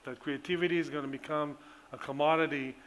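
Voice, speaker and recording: A man's voice: a little high, fairly even intonation, fast, a bit bright. A man, an engineering professor, giving a conference keynote on stage, explaining eagerly with frequent restarts and fillers.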